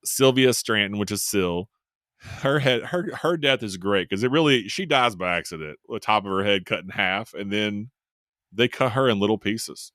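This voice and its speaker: A man's voice: on the low side, animated, normal speed, a bit bright, dry recording, studio quality. A man co-hosting a podcast, rambling through a casual recap with amused laughs. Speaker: podcast co-host. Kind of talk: casual chat recapping a horror film.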